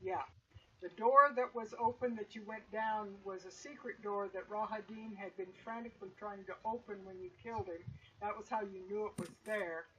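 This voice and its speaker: A woman's voice: medium pitch, moderate pace. A woman game master narrates a tabletop session in a loose, rambling way, dotted with ums and uhs. Her voice comes through dull, lo-fi stream audio with a faint hiss underneath. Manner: relaxed, rambling narration with many fillers.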